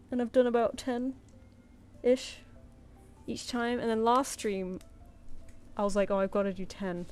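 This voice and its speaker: Lady artist streaming, higher voice, chats away, mutters counting to herself, faint music behind. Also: darkish tone. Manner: chatty, mutters and counts under her breath. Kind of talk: casual live-stream chat while drawing.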